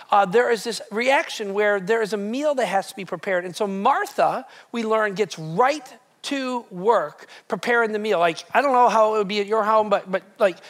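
A male pastor delivering a sermon to a live congregation, retelling scripture in a lively, conversational way with frequent restarts. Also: high-pitched. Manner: animated, conversational storytelling with many restarts. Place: church hall with live congregation.

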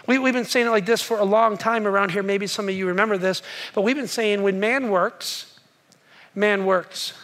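A man in his thirties preaching a sermon in a church auditorium, repeating lines and swinging from hushed to shouted. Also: very high voice. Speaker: pastor.

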